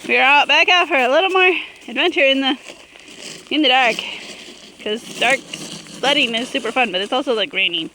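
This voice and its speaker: A young woman hosting a family vlog outdoors in the snow, chatting casually to a handheld camera and cheering on small children in an excitable way. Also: sits high, moderate pace, a little hiss or hum. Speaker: vlog host and mother. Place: outdoors in the snow, backyard sledding hill.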